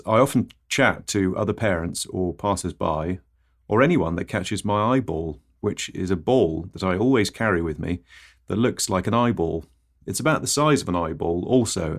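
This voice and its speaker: Deep-voiced deadpan man rambling. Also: vocal fry. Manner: deadpan, rambling, self-interrupting. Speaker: comedy podcast host. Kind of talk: scripted absurdist monologue.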